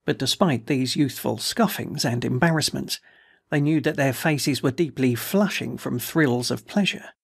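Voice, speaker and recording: A man narrating a classic novel as an audiobook, reading in a steady, measured way. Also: medium pitch, vocal fry, slightly rough, dry recording, clean studio sound.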